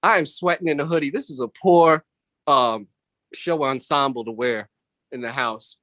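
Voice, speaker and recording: A man doing animated stand-up comedy over a video call from home, jumping into voices of family and coworkers. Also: medium pitch, normal speed, no echo, clean studio sound. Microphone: computer mic on a video call.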